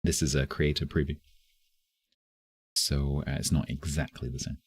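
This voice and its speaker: Very deep, husky male game streamer. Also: little pitch movement, moderate pace. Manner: chatty, chuckling, thinking aloud. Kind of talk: casual live gameplay commentary.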